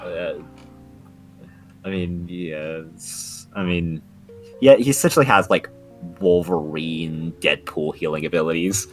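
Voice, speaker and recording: A young man chats casually on a podcast in a slightly low voice, stumbling through restarts and fillers as he goes. Faint music plays underneath. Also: a little slow. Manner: rambling, many restarts and "like" fillers. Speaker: podcast co-host. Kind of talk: casual anime podcast chat.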